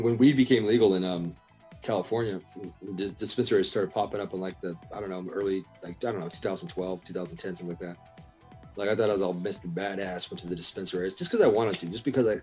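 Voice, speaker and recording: Middle aged guy, kinda low voice, cussing and laughing thru casual podcast chat. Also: darkish tone. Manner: profane, laughing storyteller. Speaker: podcast guest.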